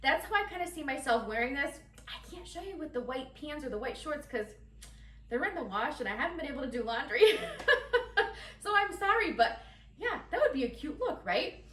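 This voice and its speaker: A woman's voice: sits high, very animated, a little fast, pushed and bright, echoey room, recorded from a distance. A woman chatting casually and giggling through a try-on haul, talking straight to her viewers. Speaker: fashion vlogger.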